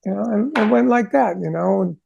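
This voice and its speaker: A man, a rock drummer, chatting as an interview guest, telling animated stories and acting out conversations he had. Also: high voice, a little fast, gravelly, highs cut off, a little hiss or hum. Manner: animated, sings drum parts vocally; acts out quoted conversations. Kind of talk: casual storytelling interview.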